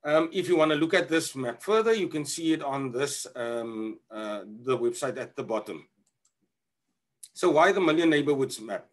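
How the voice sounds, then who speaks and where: A man from South Africa presents slides over a video call at a middle pitch. He talks haltingly, full of ums and restarts. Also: expressive. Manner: halting, many fillers and restarts. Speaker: conference presenter. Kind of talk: online conference presentation.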